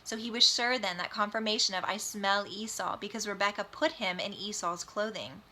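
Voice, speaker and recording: A woman's voice: medium pitch, fairly even intonation, moderate pace, sharp tone, slight background noise. A woman giving a casual Bible study lesson, reading scripture aloud and explaining it in plain, everyday words. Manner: conversational, reads scripture aloud then explains it in plain slang. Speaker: Bible teacher.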